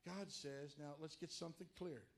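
Animated preaching man. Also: fairly high pitch, normal speed, a little hiss or hum. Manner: animated, swings from quiet asides to loud emphatic preaching. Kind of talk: sermon.

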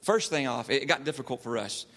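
A man's voice: mid-range voice, brisk, long reverb tail. A man, a counselor, telling stories to a live audience and acting out the people in them. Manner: animated, acts out the people in his stories. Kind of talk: storytelling talk to a live audience.

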